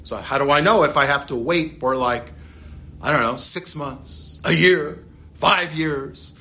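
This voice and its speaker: A man teaching a religious text to a class, lively and animated, acting out little dialogues as he explains. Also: on the high side, unhurried. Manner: animated, acts out dialogues with shifting loudness.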